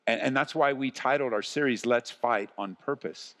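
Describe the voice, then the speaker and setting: A man preaching a live church sermon as pastor, moving between quiet earnest passages and rising, loud exhortation. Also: mid-range voice, normal speed, few pauses. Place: church sanctuary. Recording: long reverb of a large hall.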